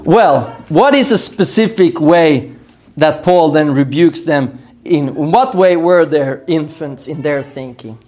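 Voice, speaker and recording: A man preaching an expository sermon as pastor, earnest and emphatic, somewhat hoarse as he is losing his voice. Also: a little high, takes it slowly, a little mellow. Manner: earnest, emphatic exhortation with frequent restarts.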